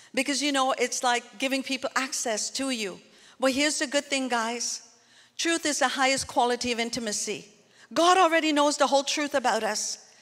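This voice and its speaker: A woman pastor whose voice sits high and fairly bright preaches in an earnest, conversational manner, turning to her congregation with frequent asides. The recording comes from a church hall with long reverb.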